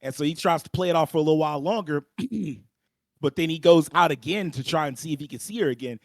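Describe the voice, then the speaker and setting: A young man co-hosting a podcast, recapping an anime plot in a slangy, animated storytelling manner and clearing his throat often. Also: a little high, quick pace, no echo, clean studio sound. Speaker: podcast co-host. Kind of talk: casual anime recap chat.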